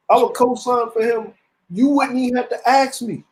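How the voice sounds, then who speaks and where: A middle-aged man co-hosting a casual chat show, telling stories in an animated, teasing way. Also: very high-pitched, normal speed, rough recording. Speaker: podcast co-host.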